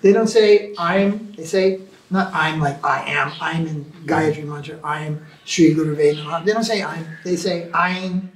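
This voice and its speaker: A man answering questions as a spiritual teacher in an informal talk, animated, sometimes imitating chanting. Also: on the high side, moderate pace. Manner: animated storytelling, mimics chanting. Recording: echoey room from far off.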